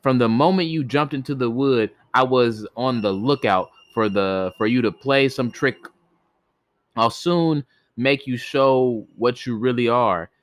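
A man's voice: medium pitch, measured pace, no echo, natural voice. A man voicing a brash, scheming young man in a spoken folk tale, who taunts with a raised voice. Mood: taunting.

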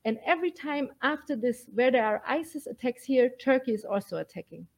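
A woman's voice: sits high, animated, brisk. A woman guest in an interview, talking earnestly and emphatically, with many fillers. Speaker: guest, militia fighter.

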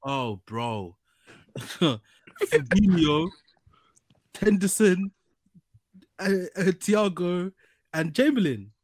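A young man co-hosting a casual football podcast, teasing his friends in an animated way. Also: high-pitched, slow pace, pauses often. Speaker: podcast co-host.

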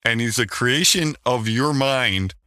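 A man's voice: mid-range voice, lively intonation, a little slow, bright, forceful tone, dry recording, studio quality. A man co-hosting a casual podcast, joking sarcastically about old wrestling shows and laughing often. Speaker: podcast co-host.

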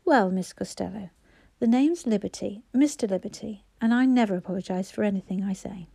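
A woman voicing a grumpy one-eyed old man who talks gruffly and bluntly. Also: mid-range voice, a little fast, dark tone, dry recording. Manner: gruff, curt.

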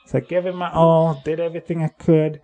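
A man talks through a solo podcast in a loose, rambling monologue. His voice sits a little high but sounds mellow and warm. He circles back and corrects himself as his energy swings between upbeat and low-key. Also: little pitch movement, a little fast, lo-fi sound. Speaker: podcast host.

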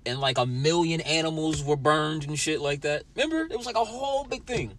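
Angry ranting man, swinging pitch. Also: expressive, brisk, fairly bright tone, slight background noise. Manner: ranting, heavy swearing, talks straight to listeners. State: angry, sour mood. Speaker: podcast host. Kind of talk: profane solo podcast rant.

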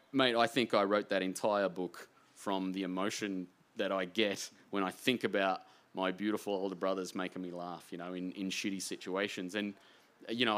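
A man with an Australian accent, an author telling heartfelt stories in an earnest, rambling way that swings between hushed and animated. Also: deep voice. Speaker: author guest. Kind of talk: emotional anecdotal storytelling.

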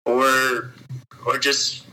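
A man's voice: mid-range voice, monotone, drawn-out words, bright, forceful tone, rough recording. A man chatting casually on a podcast, rambling and swearing, full of "dude" and "you know". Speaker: podcast co-host, cycle traveler.

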